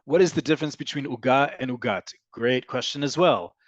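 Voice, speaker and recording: Male language teacher, mid-pitched, lively explainer, dry close-mic sound. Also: fairly quick, no room sound, muffled recording. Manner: explanatory, animated, answers questions as they come in. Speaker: Hebrew teacher. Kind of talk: online language class.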